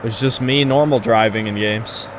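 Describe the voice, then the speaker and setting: A man's voice: mid-range voice, normal speed, noisy background. A young man streaming a game, rambling with crude, opinionated commentary. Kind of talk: casual gameplay commentary.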